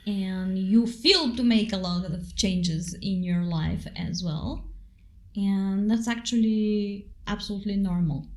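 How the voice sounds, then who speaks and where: Woman, co-host, slow-paced, casual spiritual talk, frequent fillers. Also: mid-range voice. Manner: slow and unhurried, with many fillers.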